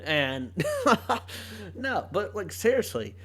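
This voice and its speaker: A man's voice: high-pitched, sing-song, very slow, fairly bright tone, a little hiss or hum. A young man hosting a solo podcast, talking casually in a rambling way, often cutting himself off and laughing. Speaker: podcast host. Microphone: home podcast mic.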